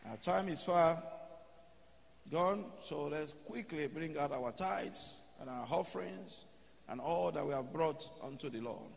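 A man's voice: fairly high pitch, unhurried, vocal fry, slight background noise. A male pastor preaching a sermon, telling short stories and leading the congregation in prayer. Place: church hall. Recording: long church hall reverb, faint music.

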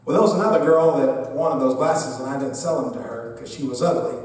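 A man's voice: medium pitch, brisk. A man preaching a sermon, a pastor telling a humorous personal story and joking with his congregation. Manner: humorous, lively storyteller who acts out the people in his stories; talks directly to the congregation and jokes with them. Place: church sanctuary. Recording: echoey church hall, mic at a distance.

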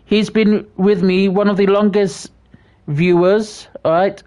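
Level in tone and slow in pace, a medium-pitched British host chats on his livestream. Friendly shout-outs and viewer messages read aloud fill the casual talk, broken up by frequent stammers and repeated words.

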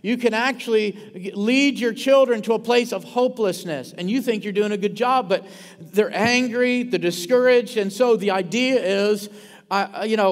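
A male pastor preaching a sermon in a church, animated and quick, stumbling over words and asking the congregation questions. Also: high-pitched, in a large hall. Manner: animated preaching with many restarts and audience questions. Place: church sanctuary. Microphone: ringing handheld or stage mic.

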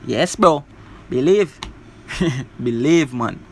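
Man, song reviewer, animated casual patter, middle-pitched, faint hiss under his voice. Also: drawn-out words. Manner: animated, peppers talk with "bro" and "you see me". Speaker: music reviewer.

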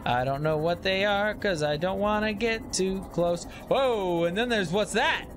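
A man giving excitable let's play commentary, narrating his gameplay and shouting at scares. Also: high-pitched, unhurried, noisy background. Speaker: gameplay recap host. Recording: commentary over game music.

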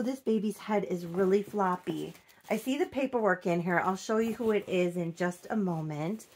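Slow, doting woman cooing over a doll. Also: on the high side. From Minnesota, United States. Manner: slow and unhurried, with many fillers. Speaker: doll collector vlogger. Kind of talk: casual unboxing chat.

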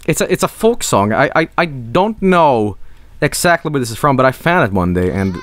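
A man streaming a video game, rambling and swearing in animated, casual commentary. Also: medium pitch, moderate pace, dry recording. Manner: rambling, profane, animated, jumps to silly voices.

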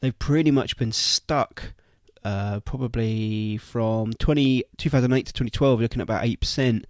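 A man hosting a casual stock analysis vlog, chatty and informal, his voice croaky and nasal from a cold. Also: mid-range voice, normal speed, no room sound, studio quality. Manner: chatty, informal, talks straight to viewers. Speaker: investing video host.

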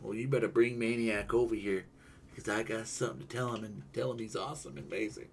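A young man streaming a game, commenting live in an excitable, swearing way and yelping when things go wrong. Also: fairly low pitch, fast talker, a little hiss or hum.

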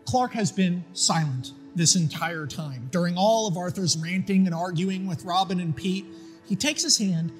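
A man casually pitching a story out loud, excitable and profane. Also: moderate pace, big-room sound, soft background music.

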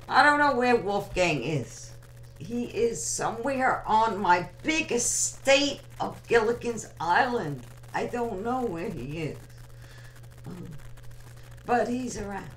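A woman's voice: on the high side, animated, slow pace, fairly bright tone, a little hiss or hum, rough recording. A young woman hosting an online radio show, rambling casually and teasing her listeners as she talks with them. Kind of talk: casual live chat with listeners.

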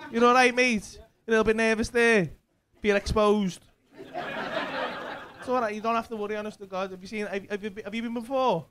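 A man's voice: high-pitched, fairly even intonation, a little fast, fairly bright tone. A man doing brash, sweary crowd work as a stand-up comedian on a club stage. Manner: brash, sweary, teasing banter. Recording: live club audio with crowd laughter and noise.

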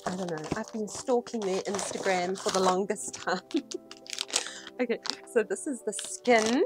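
A woman vlogging casually from her small home dance studio, excitable and gushing as she talks to the camera. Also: mid-range voice, normal speed, music in the background. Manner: excitable, gushing, breathless with delight. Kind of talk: casual vlog unboxing.

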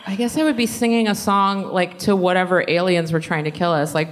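A woman's voice: medium pitch, lively intonation, fairly quick, few pauses. A woman answering fan questions at a convention panel in a casual, rambling way, laughing often. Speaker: panel guest actor.

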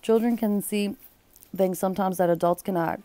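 Mellow-voiced woman reading aloud. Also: medium pitch, fairly even intonation, moderate pace, no room sound. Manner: blunt, exclaiming asides between read passages. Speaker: book reader and commentator. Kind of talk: reading aloud with casual commentary.

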